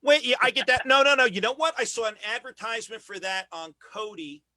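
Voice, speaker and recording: A man chatting casually on a podcast, animated and profane, laughing often. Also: very high-pitched, fast talker. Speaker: podcast co-host. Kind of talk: casual chat.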